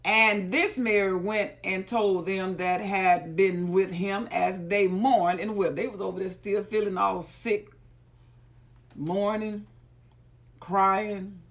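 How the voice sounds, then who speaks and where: A woman with a gravelly edge and a mid-range voice reads scripture aloud. She breaks off between verses to retell the passage in plain everyday talk, with casual, folksy asides. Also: medium pitch, steady tone, slow pace. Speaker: Bible reader and teacher. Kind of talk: scripture reading with casual commentary.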